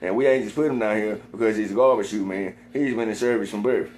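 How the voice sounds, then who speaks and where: A man in a rambling monologue, swearing constantly and repeating himself, sometimes getting heated and loud. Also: lowish voice, fast talker, a little hiss or hum. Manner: gets heated and loud at times.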